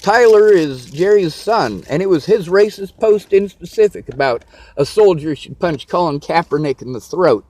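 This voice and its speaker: A man's voice: high-pitched, animated, moderate pace, darkish tone. A man venting to camera in an agitated, profane, repetitive rant. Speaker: vlogger. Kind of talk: angry personal rant to camera.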